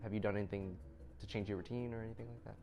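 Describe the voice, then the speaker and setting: A young man hosting a casual interview, chatty and relaxed, laughing easily as he asks quick questions. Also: lowish voice. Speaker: interviewer and series host. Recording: faint music underneath.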